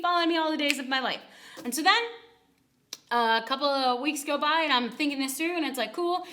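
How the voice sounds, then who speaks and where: Bright-voiced young woman giving a chatty testimony. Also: high voice. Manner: chatty, with many "like" fillers. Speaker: youth ministry staff member. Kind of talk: casual personal testimony talk. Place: recorded alone to a camera.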